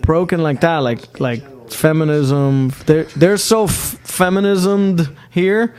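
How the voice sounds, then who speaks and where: Brash, crude man with a higher voice. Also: takes it slowly, a little mellow, clear, resonant tone. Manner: crude, boastful storytelling with heavy swearing. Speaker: podcast co-host. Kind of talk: casual podcast chat.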